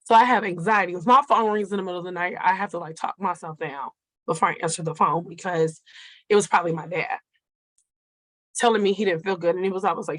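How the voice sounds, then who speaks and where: Earnest, lower-voiced woman telling a story. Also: quick pace, a bit bright, no room sound. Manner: earnest, conversational, speaks directly to the listeners. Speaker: nurse sharing a personal grief story at a forum. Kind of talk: personal storytelling to a live group.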